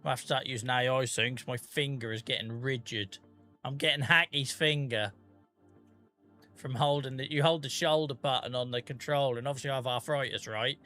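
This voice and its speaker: A man's voice: medium pitch, fairly even intonation, brisk, bright, forceful tone, soft background music. A British man chatting casually on a live gaming stream, joking, teasing his chat and swearing freely. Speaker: game streamer.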